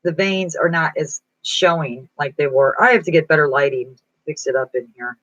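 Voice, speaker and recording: A woman's voice: sits low, moderate pace, fairly bright tone, no echo, highs cut off. A woman chatting casually on a live stream as a psychic reader, reading viewers' comments aloud and answering them, sounding weak and foggy-minded. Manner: reads viewer comments aloud and chats back. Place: indoor room at home.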